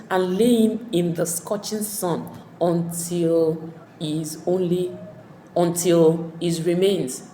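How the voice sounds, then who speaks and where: A woman tutor casually retelling a play scene by scene, acting out the characters' lines as she goes. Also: on the low side. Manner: animated storyteller acting out quoted characters. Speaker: literature tutor. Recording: echoey room with faint ambient noise.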